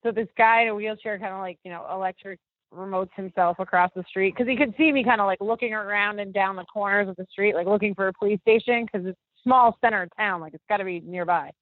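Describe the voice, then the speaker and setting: A woman's voice: medium pitch, fast, no room sound. A young woman telling a story in a casual phone interview, rambling and filler-heavy, using lots of "like". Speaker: interview guest. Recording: tinny dry phone line.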